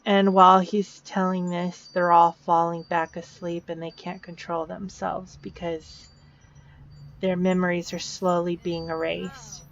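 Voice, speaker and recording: A woman's voice: fairly low pitch, level tone, a little slow, vocal fry. A woman casually narrating a game story, explaining events with fillers and repeated words, on a dull lo-fi recording. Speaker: video narrator.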